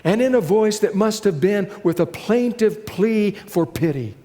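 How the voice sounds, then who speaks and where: A man preaching with a fairly high voice, building scenes dramatically and then dropping low and slow for weight. His words carry a long reverb that hangs in a large hall. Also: expressive. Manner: dramatic, slowing and dropping softly on key phrases. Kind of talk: sermon.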